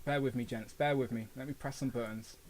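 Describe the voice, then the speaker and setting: A man's voice: medium pitch, fairly even intonation, fairly quick, background noise. A man from England with a Coventry accent, hosting a casual live stream, chatty and self-deprecating and laughing often. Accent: English, Coventry.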